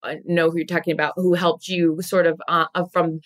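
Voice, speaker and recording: A woman's voice: lowish voice, level tone, brisk. A woman co-hosting a podcast, talking in casual chat in a rambling way with many fillers. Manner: rambling, filler-heavy, warm questioning. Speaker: podcast co-host.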